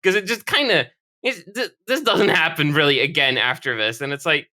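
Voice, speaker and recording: Podcast co-host, casual chat, bright voice, opinionated, frequent swearing. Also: mid-range voice, normal speed. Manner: opinionated, swears often, trails off with "I don't know".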